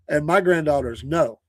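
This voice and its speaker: Older folksy man, slightly high. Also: no room sound, clean studio sound. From Georgia, US. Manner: folksy, chuckling, repeats himself. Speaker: show guest and streamer. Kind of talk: casual chat.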